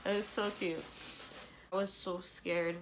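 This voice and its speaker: A woman's voice: on the low side, little pitch movement, unhurried, slight background noise. A young adult woman telling a personal story in a vlog, candid and emotional, sometimes tearful and apologizing. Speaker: vlogger.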